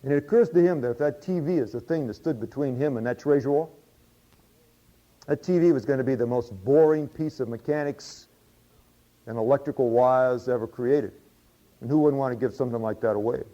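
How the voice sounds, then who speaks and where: A male preacher telling a story in a folksy sermon style, drawling and joking with his listeners. His voice is mellow and warm, and the lo-fi recording sounds dull. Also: medium pitch, fairly quick. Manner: humorous, drawling, conversational.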